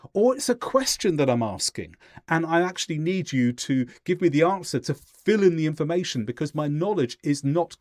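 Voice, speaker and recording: A man teaching English pronunciation in a clear, deliberate lesson voice, demonstrating example sentences slowly. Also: fairly high pitch, darkish tone, dry recording, clean studio sound. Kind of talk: scripted lesson narration.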